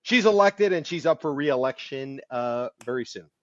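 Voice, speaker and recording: A man's voice: mid-range voice, animated, normal speed, dry recording. Man, podcast co-host, upbeat casual talk, dry close mic, slightly muffled sound. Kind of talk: casual chat. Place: studio.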